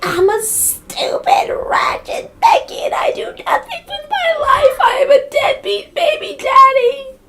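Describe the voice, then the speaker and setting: A hysterical woman neighbor, shrieking high and sobbing through her words, as a woman mocks her in a put-on voice. She sounds shrill and wound up, her cries cracking as she yells. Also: very animated, unhurried, a little hiss or hum, exaggerated voice. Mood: wailing.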